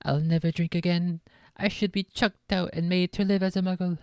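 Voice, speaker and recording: A woman puts on a towering, soft-hearted giant of a groundskeeper, sobbing loud and broken in a storybook read-aloud. The voice sits higher than her own and pushes louder, close and dry. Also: level tone, moderate pace, clean tone, no room sound, close to an everyday voice. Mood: sobbing remorse. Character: huge weeping half-giant groundskeeper, big-hearted and remorseful. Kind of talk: audiobook-style read-aloud on stream.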